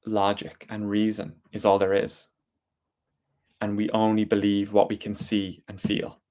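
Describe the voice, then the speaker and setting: A man's voice: on the low side, completely flat delivery, a little slow, a little mellow. A man voicing a clever male druid adviser to a king in a told story, earnest and stammering with restarts. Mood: proud.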